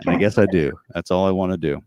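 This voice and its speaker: A man's voice: low voice, fast talker, a little mellow, no echo, studio quality. A man around forty, a tribute performer from California, telling stories in a rambling, easygoing way with many fillers on a video call from the front of a tour bus. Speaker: tribute performer, interview guest. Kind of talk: casual storytelling interview.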